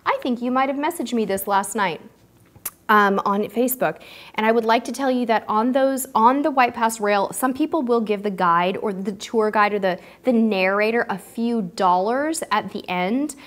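A woman's voice: on the high side, normal speed. A woman hosting a live cruise-advice stream, answering viewer questions and thanking supporters in a chatty, heartfelt way. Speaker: cruise show host. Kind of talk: live-stream Q&A, casual chat.

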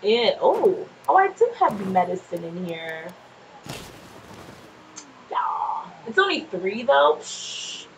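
A woman casually commenting on her gameplay, chatty and quick to swear, often laughing and talking back to the game's characters. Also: medium pitch, sing-song, a little hiss or hum, low-quality recording. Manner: nervous and jumpy in scary moments. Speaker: gameplay streamer. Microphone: desk microphone.

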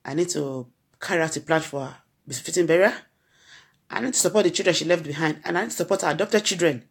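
A woman's voice: deep voice, fast, breathy edge. A grieving woman with a Nigerian accent gives an earnest spoken tribute. She repeats her phrases with a preacher-like cadence. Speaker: blogger addressing her followers.

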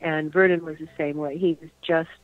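A woman's voice: sits low, fairly even intonation, moderate pace, no echo. An older woman, a guest on a radio interview, remembering aloud in a reflective way, repeating phrases and trailing off. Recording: dry tinny phone line.

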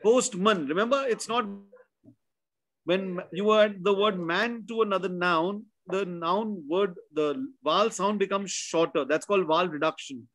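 A man's voice: sits high, moderate pace, a bit bright. A man with an Indian English accent teaching pronunciation in an online class, checking in with "right?" after his points. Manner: explanatory, drills words by repetition, frequent "right?" checks. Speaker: spelling bee tutor.

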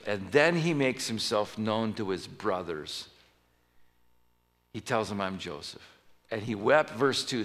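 A man's voice: lowish voice, creaky, fairly bright tone. A male pastor delivering a conversational sermon in a church, telling the story and asking his listeners questions. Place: church sanctuary. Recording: long hall reverb.

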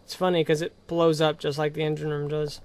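A young man streaming live gameplay commentary into a desk microphone, excitable, swearing and talking back at the game. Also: on the high side, a little fast, a little hiss or hum.

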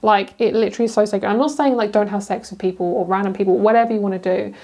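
Young British woman, chatty tarot reader, casual and giggly, mid-pitched. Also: steady tone, racing, mellow. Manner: chatty, giggly, rambling with fillers. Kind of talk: casual pick-a-card tarot reading.

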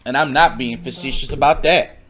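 A man's voice: mid-range voice, fairly quick, a bit bright. A man streaming a game in casual chat, mumbling and easily distracted.

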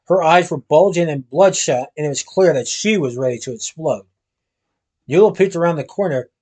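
A man reading a children's storybook aloud at a steady pace, occasionally restarting a phrase. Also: fairly high pitch, normal speed, husky. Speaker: storybook reader.

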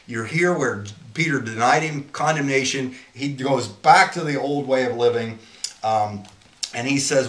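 Man, mid-pitched, informal Bible teacher, earnest and rambling, recorded in an echoey room. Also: a little slow, fairly bright tone. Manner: earnest, rambling, often restarts sentences.

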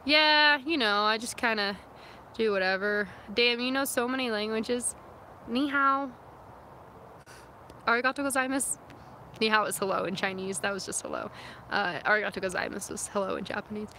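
Young woman on a livestream, phone mic outside, bright voice, rambly with lots of likes and ums. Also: mid-range voice, fast talker, slight background noise. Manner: chatty and rambling, full of "like" and "um" fillers. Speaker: vlogger reading live chat comments. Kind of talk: casual livestream chat. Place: outdoors in the wilderness near her van. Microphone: phone camera.

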